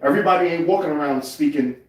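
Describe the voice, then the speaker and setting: A man's voice: a little high, quick pace. A man teaching a live Bible class in a loose, conversational preaching style, often asking "you see what I'm saying". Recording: echoey room from far off.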